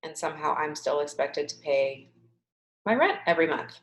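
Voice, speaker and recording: Over a video call webcam at home, this woman guides webinar participants through tapping, emphatically leading affirmations they repeat and sighing with them. She has a low-pitched, expressive voice at a moderate pace. The recording is reverberant and low quality.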